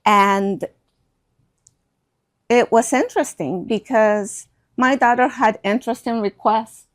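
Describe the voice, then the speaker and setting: Animated middle-aged woman telling a story. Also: on the high side, takes it slowly. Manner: animated, acts out quoted voices. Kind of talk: storytelling in a casual chat.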